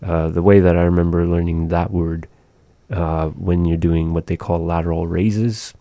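A man with a very low, mellow voice teaches pronunciation at an unhurried pace. He demonstrates sounds carefully and explains them patiently, recorded close and dry. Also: level tone, no room sound. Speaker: language teacher.

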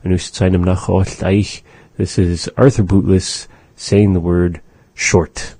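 Man, low voice, mellow tone, slow patient teaching, dry sound. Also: little pitch movement, husky, no room sound. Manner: patient, repeats phrases slowly for learners. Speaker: language teacher on a radio show. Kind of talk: slow, repetitive language lesson.

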